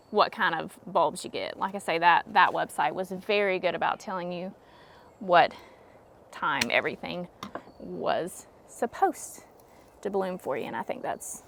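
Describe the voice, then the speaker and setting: A woman's voice: on the low side, vocal fry, a bit bright. Chatty woman crafting at home. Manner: chatty, self-deprecating, jokey. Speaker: craft vlogger. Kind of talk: casual how-to narration. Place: home indoors.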